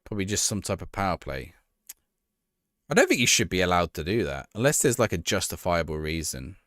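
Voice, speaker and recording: Chatty male streamer, low voice with lively swings, dry close sound, reacting to a football sim. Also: brisk, no room sound. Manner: chatty, thinks aloud and reacts to the game, talks to chat. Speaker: streamer playing a football management game. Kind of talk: casual live-stream chat.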